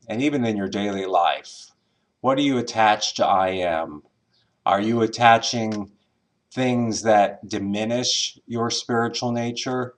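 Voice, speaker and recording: Man minister giving a lesson, low voice, slow and measured, lots of pauses. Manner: slow, measured, with pauses and some filler words. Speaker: minister teaching a class. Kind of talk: recorded spiritual lesson.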